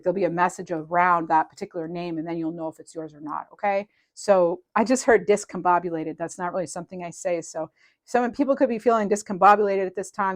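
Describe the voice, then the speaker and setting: A woman giving a casual tarot reading to her viewers, rambling and animated, with many fillers and restarts and light laughs. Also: on the low side. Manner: laughs lightly while talking. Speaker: tarot reader.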